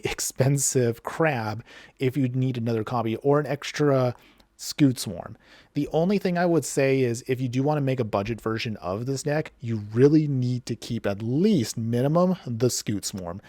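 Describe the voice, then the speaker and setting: A man giving excited card game commentary and a deck guide, laughing often and talking straight to his viewers. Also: medium pitch, normal speed, no room sound. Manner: chatty, addresses viewers directly. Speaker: card game content creator.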